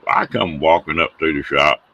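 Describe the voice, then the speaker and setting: A middle-aged man with a drawl hosts a casual show and tells tall tales. His voice sits very low, with a bright, forceful tone. He tells his folksy yarns with a laugh close behind. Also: lively intonation, normal speed, gravelly, lo-fi sound, slight background noise. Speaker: host telling stories. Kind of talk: casual storytelling on a live show.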